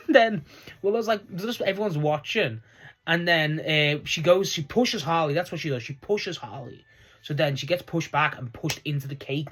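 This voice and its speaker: An excitable young man with a somewhat high voice chats casually through a wrestling recap. He rambles, restarts his sentences and breaks into laughter often. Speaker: wrestling show reviewer.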